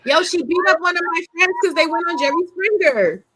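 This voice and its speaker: A woman's voice: very high-pitched, animated, brisk, a bit bright, dry recording. A woman telling a sassy, emphatic story in a casual podcast chat, often stressing points with "okay.".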